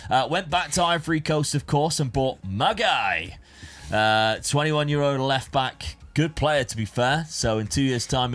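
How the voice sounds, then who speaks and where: A man's voice: mid-range voice, a bit bright. A man giving casual, rambling commentary on his football management game. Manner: chatty, rambling, self-correcting. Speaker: gaming YouTuber.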